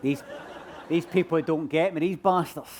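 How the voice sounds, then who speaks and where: A man's voice: fairly high pitch, steady tone, normal speed, a little mellow, a little hiss or hum. A Glaswegian man answering audience questions on stage in a rambling, self-mocking way. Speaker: comedian guest at book festival. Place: stage at a book festival.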